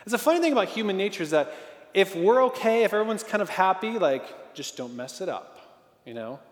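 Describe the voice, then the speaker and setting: Animated man preaching in an echoey hall. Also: high-pitched, a little fast. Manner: casual, animated, full of fillers and acted-out quotes. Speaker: pastor. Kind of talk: sermon.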